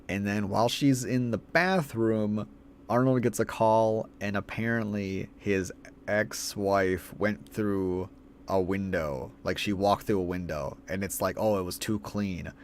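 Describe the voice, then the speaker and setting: Profane ranting man, lowish voice. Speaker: film reviewer. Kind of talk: ranting movie review.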